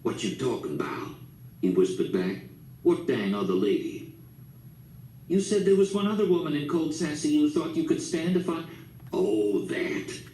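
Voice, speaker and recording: A man doing a gruff, blunt old man. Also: fairly high pitch, sing-song, moderate pace, warm tone, pitched above the performer's own voice. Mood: exasperated. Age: older. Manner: folksy dialect, blunt, exasperated. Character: gruff old Southern storekeeper, blunt, stubborn. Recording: echoey room, distant mic, faint hiss.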